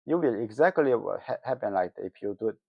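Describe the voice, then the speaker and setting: North Korean-accented man, halting and fired up. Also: lowish voice, expressive, vocal fry, slightly rough, no echo. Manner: halting, many fillers, heated mocking asides. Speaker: vlogger. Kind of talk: casual opinion monologue. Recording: dull lo-fi dry recording.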